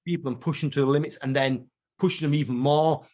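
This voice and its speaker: A man, an interview guest and martial artist, talking casually and telling animated stories from his past. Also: a little high, fast. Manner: animated storyteller, acts out quoted voices. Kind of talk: casual conversational storytelling.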